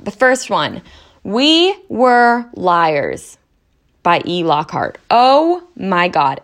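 A young woman reviewing books chats casually to camera in a fairly low voice. She sounds exasperated and rambles, using lots of fillers.

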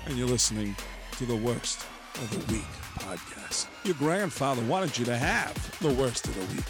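A man putting on a famous actor's voice for a podcast bumper, speaking in a halting, deadpan cadence. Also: mid-range voice, over music, natural voice. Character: celebrity actor impression, deadpan odd cadence.

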